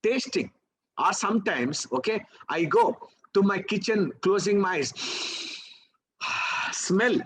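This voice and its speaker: High-pitched and animated, with a breathy edge, this man talks a little slowly on a low-quality recording. He is a memory trainer with an Indian English accent running a live session, coaxing students with rhetorical questions and sprinkling in "okay?" and "right?"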